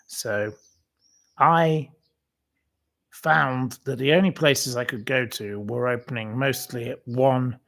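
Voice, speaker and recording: A man's voice: medium pitch, slow pace, creaky, pauses often, a bit bright. A man hosting his own channel, chatting casually to viewers and telling a rambling anecdote full of fillers and restarts. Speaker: channel host. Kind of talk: casual livestream chat.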